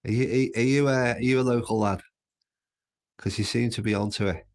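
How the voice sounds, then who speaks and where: A Birkenhead man hosting a home livestream talks a little fast in a mid-range voice with fairly even intonation. He has a Scouse-like Merseyside accent and a rambling, chatty manner that wanders easily.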